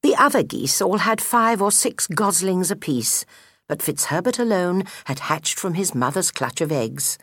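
Slow, husky woman reading a storybook. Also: on the low side, dry recording, studio quality. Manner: expressive, measured narration. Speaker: audiobook reader.

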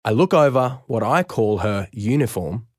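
Male audiobook narrator, wry and lively, mid-pitched, very dry studio sound. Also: moderate pace, no echo. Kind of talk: first-person storybook narration.

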